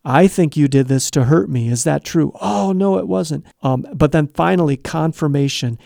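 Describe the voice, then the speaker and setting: A middle-aged man, a guest giving Christian advice, teaches earnestly and conversationally, explaining step by step and acting out quoted exchanges. His voice is a touch high for a man, gravelly yet dark and mellow, at normal speed. The recording is dry and close, with no room sound or echo.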